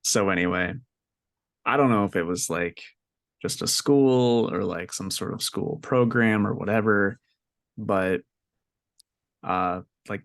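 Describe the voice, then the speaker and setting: A man's voice: lowish voice, creaky. A young man co-hosting a podcast, telling a story in casual, profane, exasperated chat. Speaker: podcast co-host.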